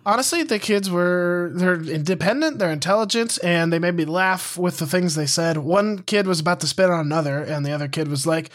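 A man's voice: high voice, brisk, hardly any pauses, fairly bright tone. A man co-hosting a podcast in casual chat, easygoing and hedging, with frequent laughs. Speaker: podcast co-host.

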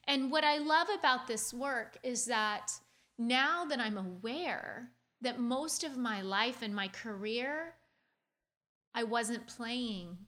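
A woman sharing a painful childhood story with her audience in an earnest, confiding way, talking quickly and restarting her phrases as she speaks. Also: fairly high pitch, bright, forceful tone. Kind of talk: heartfelt personal storytelling.

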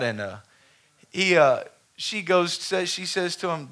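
A male pastor in full sermon mode, a little higher-pitched than most men and keen and bright in tone. He moves between an easy, storytelling voice and impassioned calls to the congregation. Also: expressive, a little slow. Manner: impassioned preaching, calls for amen. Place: church sanctuary before a congregation.

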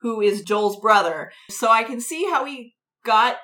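Woman, wry blunt movie chat, lively swooping pitch, bright tone. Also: measured pace. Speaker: podcast co-host. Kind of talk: casual movie review chat.

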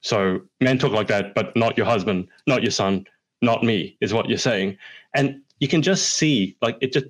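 A man co-hosting a casual chat show, reading viewer comments and telling stories with lively emphasis. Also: normal speed. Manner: animated storyteller, rising pitch when acting out quotes. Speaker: podcast host.

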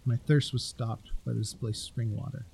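Dark-voiced man reading a scary story. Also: mid-range voice, fairly even intonation, moderate pace, creaky, slight background noise, rough recording. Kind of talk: scripted narration of a scary story.

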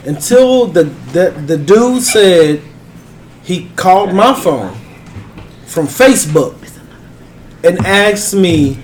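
A man's voice: sits high, slow, long pauses, slight background noise. A man telling a personal story in casual talk, acting out what others said. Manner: animated storyteller acting out quotes. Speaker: podcast co-host.

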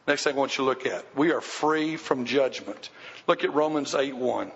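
A man's voice: mid-range voice, moderate pace, gravelly, fairly bright tone, husky, in a large hall, muffled recording. A male pastor preaching a sermon, speaking emphatically and putting questions to the congregation. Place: church sanctuary.

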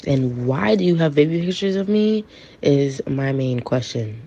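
A woman's voice: low voice, animated, measured pace, warm tone. A woman casually telling a personal story, acting out the texts she quotes, on a dull lo-fi recording. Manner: chatty, acts out quoted texts.

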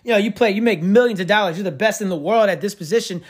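A man's voice: high voice, quick pace, breathy edge. A man hosting a sports podcast, ranting in a sarcastic, profane, rambling way. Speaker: podcast host. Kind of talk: casual sports podcast rant.

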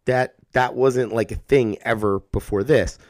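A man's voice: mid-range voice, unhurried, no room sound, clean studio sound. Rambling, swearing man in his thirties. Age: 30s. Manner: rambling, animated, swears freely, acts out kids' voices. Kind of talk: casual chat.

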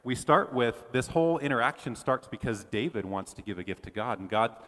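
Man teaching a Bible passage, bright tone, lively conversational delivery, reverberant church hall. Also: mid-range voice, a little fast. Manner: conversational, animated, reads scripture aloud. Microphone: wore a face mask at first.

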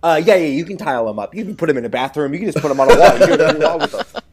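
A married man co-hosting a comedy podcast, trading deadpan jokes and riffs. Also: a little high, rapid-fire, very noisy. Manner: deadpan jokes, playful riffing. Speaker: podcast co-host. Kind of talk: comedic chat.

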